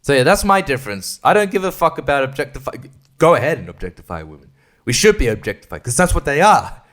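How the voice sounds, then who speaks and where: A man's voice: medium pitch, big pitch swings, fast talker, fairly bright tone. A man hosting a casual solo podcast, rambling and crude, swearing and laughing often. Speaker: podcast host.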